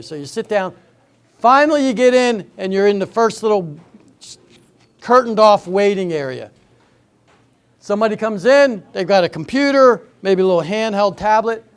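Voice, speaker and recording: An older man doing stand-up comedy with a strikingly high-pitched voice. He tells rambling personal stories and stops to quiz the crowd. The routine is for a live audience at a senior center. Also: animated, moderate pace, smooth. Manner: chatty storytelling, banters with the audience.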